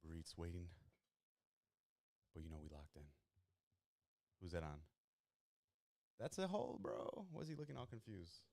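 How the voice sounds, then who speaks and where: A man hosting a live watch stream, chatting casually and reacting in excited bursts to a football game. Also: fairly low pitch, moderate pace, creaky, long pauses, dry recording. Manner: excitable, chatty, jumps between worry and hype.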